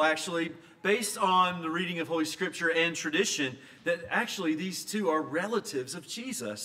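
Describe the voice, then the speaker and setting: Man, sermon, preacher, storytelling, soft to emphatic, slightly high voice.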